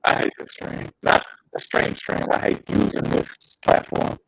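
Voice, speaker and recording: A man on a casual voice call, slow and slangy, his voice coming through distorted and robotic. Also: slight background noise. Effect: robotic distorted call audio. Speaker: guest caller. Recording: muffled robotic lo-fi call audio.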